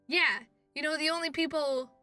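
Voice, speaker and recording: High, bright female streamer reading game dialogue aloud, expressive and foul-mouthed, a little off-mic over game music. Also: normal speed, dry recording, far from the mic. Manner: expressive, swears, laughs at herself. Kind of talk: game playthrough, reading and reacting.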